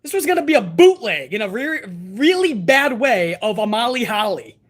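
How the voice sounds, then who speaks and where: A man talking on a live stream in a loose, casual way, swearing often and thanking viewers by name. His banter is relaxed and conversational, speaking straight to his audience. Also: extremely high pitch, moderate pace. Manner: profane, laid-back banter, reading viewer messages.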